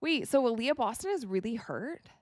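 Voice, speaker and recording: A woman hosting a live watch-along of a basketball game, reacting excitably to plays, crying out and laughing, and thanking viewers for donations. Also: on the high side, moderate pace, no room sound, studio quality. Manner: thanks viewers for donations and answers their questions.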